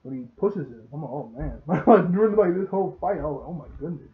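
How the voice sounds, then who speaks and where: Young guy w a recapping a cartoon episode, kinda high voice, rambly, sounds tinny like a phone. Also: brisk, hardly any pauses, a little hiss or hum. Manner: rambling, laughs often, acts out dialogue. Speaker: show reviewer.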